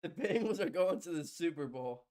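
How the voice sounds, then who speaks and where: A man doing live fan play-by-play on a stream. He swings from loud, shouted excitement to soft, stunned murmuring, with frequent laughter. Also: on the high side, normal speed. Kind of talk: live fan reaction commentary.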